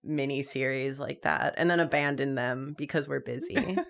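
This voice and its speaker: A woman's voice: very deep voice, moderate pace, vocal fry. A young woman, a regular on the show, chatting and laughing while drawing with friends in a small apartment. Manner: giggly, playful, laughs often. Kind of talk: casual banter while drawing.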